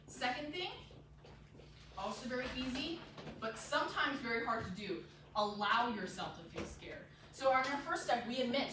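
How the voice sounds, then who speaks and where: High-voiced woman teaching in an echoey room. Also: moderate pace. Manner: lively, tags lines with "right?", acts out quoted inner voices. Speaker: public speaking teacher. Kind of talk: classroom lecture. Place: classroom. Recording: echoey room, voice from far off, audible noise.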